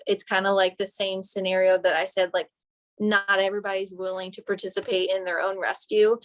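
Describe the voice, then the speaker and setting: A young woman giving an animated, direct motivational talk to her team on a live phone video. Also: medium pitch, brisk, rough recording. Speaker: team leader and nurse.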